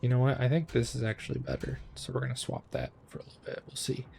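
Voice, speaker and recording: A man streams a game and chats easily with his viewers, his voice sitting at an ordinary pitch with a gravelly edge. His tone is relaxed and unhurried, a casual running commentary as he plays. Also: a little hiss or hum. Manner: laid-back, chatting with viewers while playing.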